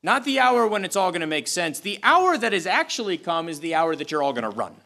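Pastor guy giving a sermon, kinda high voice, punchy and forceful, repeats stuff for emphasis, casual and a bit jokey. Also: sing-song, fairly quick, creaky. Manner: emphatic, repeats phrases for stress; conversational, with touches of humor.

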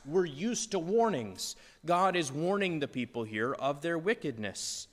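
Impassioned preacher in a reverberant hall. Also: male voice, fairly high pitch, a bit bright. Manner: impassioned, rising to exasperated outbursts. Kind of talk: expository sermon.

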